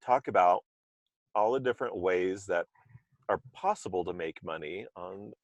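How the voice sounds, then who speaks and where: Relaxed podcast host, dry close sound. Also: male voice, low voice, normal speed, no room sound, lo-fi sound. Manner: loose and conversational, full of asides and restarts. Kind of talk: casual chat. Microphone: remote call microphone.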